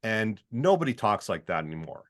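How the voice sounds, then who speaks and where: Middle-aged canadian guy, voiceover artist chatting on a podcast, lowish voice, keeps acting out little voices as he talks. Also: very animated, fairly quick. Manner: chatty, often acts out quoted voices. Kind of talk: casual podcast conversation.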